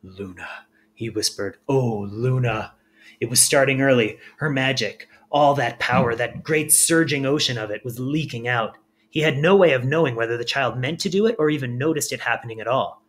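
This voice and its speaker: Man reading a storybook calmly. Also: mid-range voice, brisk. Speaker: audiobook reader. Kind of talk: storybook narration.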